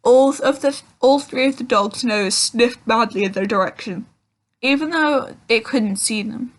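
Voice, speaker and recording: A woman's voice: on the high side, moderate pace. Woman reading aloud with many ums. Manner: reads with frequent ums and self-corrections. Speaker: audiobook reader. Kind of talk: reading a children's novel aloud.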